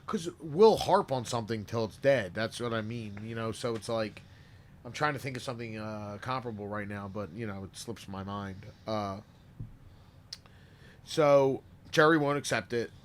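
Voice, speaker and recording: A man's voice: lowish voice, moderate pace. A man casually recapping a sitcom episode, rambling and swearing as he jumps between story and jokes.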